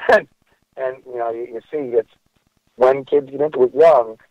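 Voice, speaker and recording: Chatty male guest musician, animated, dull dry recording. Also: medium pitch, moderate pace, no room sound. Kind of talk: casual chat. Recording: dull lo-fi audio.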